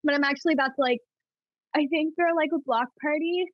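A young woman, a podcast guest, telling family stories in a casual, animated way and laughing often. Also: high-pitched, fast talker, no room sound. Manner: giggly, animated storytelling. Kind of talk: casual chat. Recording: dull lo-fi sound.

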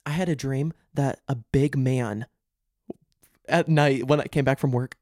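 A woman hosting a casual podcast chat in a bathroom, telling stories in animated bursts. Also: rumbling low, unhurried, no echo, studio quality. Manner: animated storytelling with bursts of exclamation. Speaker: podcast host.

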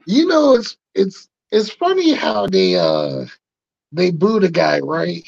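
Man, podcast host, casual chat, laid-back, joking, gravelly, husky, dull lo-fi sound. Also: sits high, huge pitch swings, takes it slowly, darkish tone.

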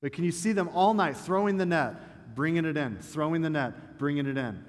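Higher-voiced male preacher in a reverberant hall. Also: animated, normal speed. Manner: conversational, joking asides to the congregation. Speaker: pastor. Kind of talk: sermon.

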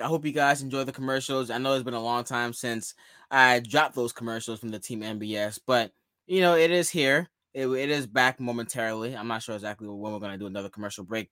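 A man hosting a sports talk podcast, animated and emphatic, repeating his key phrases on a close mic. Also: medium pitch, no room sound. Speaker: podcast host.

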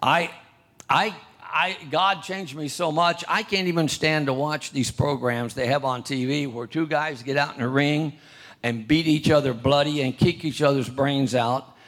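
An older man preaching a sermon, telling a personal story with many restarts and throat-clearing, and reading scripture louder and higher. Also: steady tone, measured pace. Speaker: pastor.

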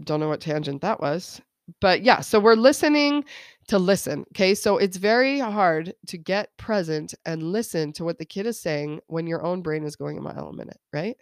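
Woman, thirties, podcast host, chatty, laughs a lot, dry close sound. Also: no echo. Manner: chatty, laughs often, quotes kids in high voices. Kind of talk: casual solo podcast talk.

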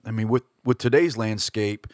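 Male podcast host, low voice, casual musing delivery with lots of ums and restarts, dry recording. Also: normal speed, darkish tone, no room sound. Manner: hesitant, many fillers and restarts. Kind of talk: casual reflective monologue.

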